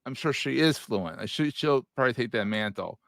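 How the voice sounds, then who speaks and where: A man's voice: medium pitch, expressive, a little fast, creaky, fairly bright tone, no echo. Joking man in his forties hosting. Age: 40s. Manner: joking, laughs often. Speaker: podcast host. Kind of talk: casual interview chat.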